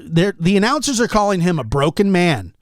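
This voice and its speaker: Animated man telling a story on a podcast. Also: high-pitched, brisk, dry recording. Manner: animated, exasperated storyteller acting out quotes. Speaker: podcast host.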